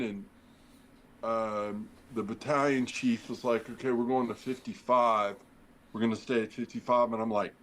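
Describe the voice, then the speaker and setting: Heard on a rough recording, a mid-range male voice belongs to a middle-aged ex-firefighter on a podcast. He tells a lengthy story casually and loosely, acting out what people said and using many fillers.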